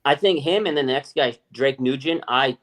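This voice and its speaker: A man co-hosting a podcast, chatting in a lively, casual way, swearing freely and acting out other people's voices. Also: mid-range voice, normal speed. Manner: animated, swears freely, acts out quoted voices. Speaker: podcast co-host. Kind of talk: casual sports chat.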